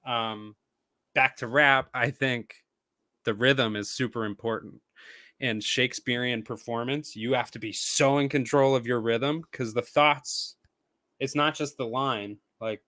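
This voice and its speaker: A man, a rapper and stage actor, talking casually as a podcast guest, animated and full of "like" fillers. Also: mid-range voice, unhurried, no room sound.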